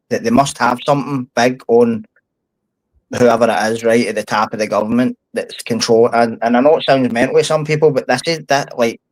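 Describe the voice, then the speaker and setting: A man's voice: medium pitch, no room sound, rough recording. Scottish man, podcast guest, blunt and fired up, swears a lot, dry close sound. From Scotland. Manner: blunt, heated, swears often. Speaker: podcast guest, former prisoner. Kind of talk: casual podcast chat.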